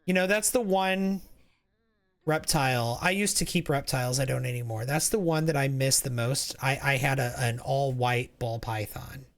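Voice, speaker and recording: A man's voice: mid-range voice, normal speed, vocal fry. A man streaming a game, chatting casually in a rambling way, reading chat aloud and often restarting his sentences.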